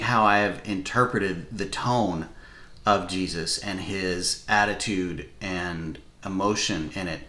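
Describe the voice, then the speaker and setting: A man co-hosting a casual faith podcast, reflective and growing animated when excited. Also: deep voice. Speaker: podcast co-host who has preached. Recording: roomy echo.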